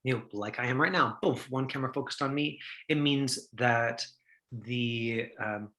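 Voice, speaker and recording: A man's voice: medium pitch, normal speed, bright, forceful tone, low-quality recording. A middle-aged man teaching an online acting class, chatty and full of fillers, acting out line readings for his students.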